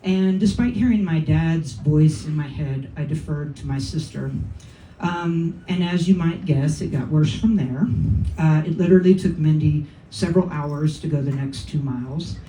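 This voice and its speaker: With a warm tone and a low-sitting voice, a woman from California moves at a moderate pace through a funny, self-deprecating personal story on a comedy club stage. Wry, profane asides get laughs from the audience. The distant mic makes it sound roomy, with faint ambience in the room.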